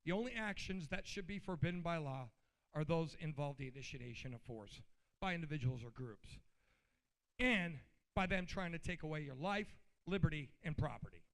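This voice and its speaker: In a convention hall, a man speaking at a convention delivers a riled-up, blunt, colloquial political speech. His voice is fairly high and fairly bright, with lively intonation at a normal speed.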